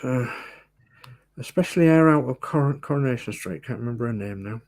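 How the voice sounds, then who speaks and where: A man's voice: medium pitch, animated, brisk, a little mellow. A man hosting a model-building livestream, chatting casually and muttering to himself as he works. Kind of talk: casual chat while building.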